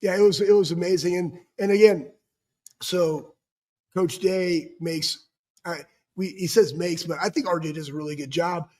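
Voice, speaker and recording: A male co-host with a fairly high voice chats with enthusiasm. He often affirms what is said and adds his own memories in a casual, upbeat way. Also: moderate pace, darkish tone. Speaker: show co-host. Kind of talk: casual chat.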